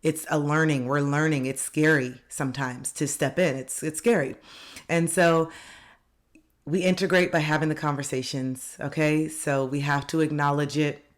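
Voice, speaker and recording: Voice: medium pitch, fairly even intonation, moderate pace. Earnest, reassuring self-help coach. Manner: earnest and reassuring, repeats gentle affirmations; speaks directly to viewers, coaxing them to open up. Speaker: life coach. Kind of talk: self-help video talk.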